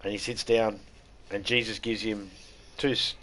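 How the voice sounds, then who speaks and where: A man's voice: fairly low pitch, steady tone, moderate pace, fairly bright tone. An Australian man streaming a game, chatting casually with irreverent jokes and plenty of swearing. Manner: joking, irreverent, swears freely. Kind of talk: casual gameplay chat.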